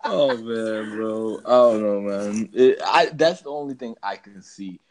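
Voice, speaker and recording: A man's voice: on the low side, a little slow, a little mellow. A man in casual chat about films, talking in a laid-back, rambling, slangy way.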